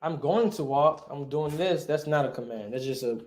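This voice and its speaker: A man's voice: fairly high pitch, normal speed, a little mellow, reverberant. A male teacher giving a grammar lesson, asking his class questions and answering them himself, often checking with "right?".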